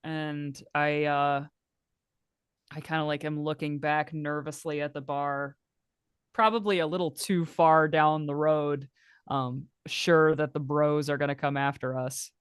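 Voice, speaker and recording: A woman's voice: low-pitched, flat delivery, measured pace, clean tone, no room sound, studio quality. A woman playing a tabletop role-playing game, narrating her moves in a rambling way and laughing often. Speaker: player.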